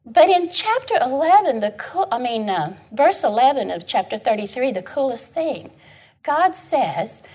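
High, lively, breathy woman teaching. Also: a little slow. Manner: chatty, emphatic, checks in with listeners. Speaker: Bible study teacher. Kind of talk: informal Bible class teaching.

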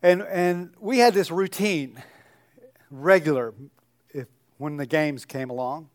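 A man's voice: on the high side, slow pace, no echo, clean studio sound. Older man preaching a chatty sermon. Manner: conversational storytelling with joking asides. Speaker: pastor.

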